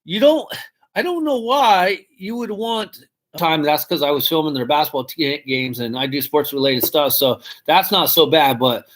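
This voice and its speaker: A man's voice: fairly high pitch, moderate pace, fairly bright tone. A man hosting a live podcast stream, rambling casually, swearing and reading out chat comments. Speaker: podcast host.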